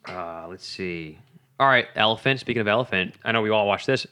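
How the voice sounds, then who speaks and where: A man co-hosting a casual chat, animated and joking as he tells stories. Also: fairly low pitch, fairly quick, smooth. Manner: animated, laughing storyteller who jokes around. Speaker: podcast co-host.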